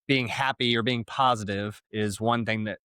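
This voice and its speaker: A man's voice: lowish voice, steady tone, moderate pace, pushed and bright, clear, resonant tone, dry recording. A man hosting an interview podcast, asking questions and affirming his guest. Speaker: podcast host. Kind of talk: casual interview conversation.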